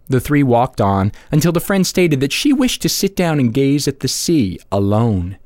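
A man reading a classic short story aloud with expressive, varied delivery. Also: mid-range voice, normal speed, hardly any pauses, no echo, clean studio sound.

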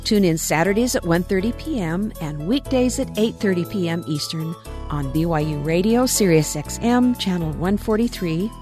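A woman announcing a radio show, reading scripted links in a clear, even way. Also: fairly low pitch, moderate pace, over music. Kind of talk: scripted narration.

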